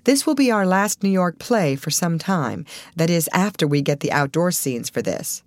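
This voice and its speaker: Woman reading a brisk, impatient stage director. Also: on the high side, animated, no room sound. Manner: commanding, sharp.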